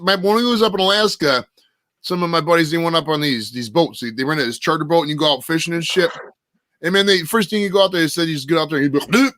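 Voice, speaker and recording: A man's voice: fairly high pitch, a bit bright, no room sound. A man in his forties with a Boston accent, rambling crudely and swearing through a casual livestream chat. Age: 40s. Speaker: stream host.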